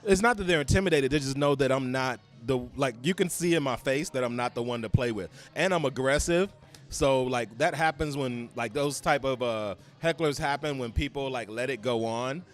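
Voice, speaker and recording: A man's voice: medium pitch, moderate pace, soft background music. An American man, a comedian guest, telling brash, profane road stories in casual chat. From United States. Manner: blunt, profane, brash storytelling.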